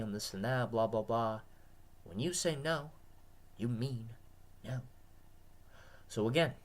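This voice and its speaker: A tired man with a dry throat, talking to his viewers in an earnest, repetitive, rambling monologue. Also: lowish voice. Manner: repetitive, earnest, restarts often. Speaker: vlogger.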